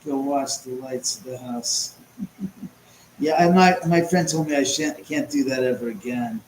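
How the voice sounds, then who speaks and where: A man's voice: medium pitch, normal speed, reverberant, slight background noise, poor audio. A man hosting a casual livestream chat from home, rambling and sarcastic and swearing often. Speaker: livestream host.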